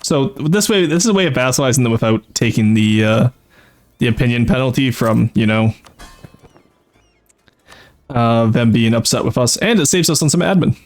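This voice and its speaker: Streaming a strategy game, a man casually thinks aloud and explains his tactics, full of "uh"s and self-corrections. His medium-pitched voice is animated, at a moderate pace with long pauses.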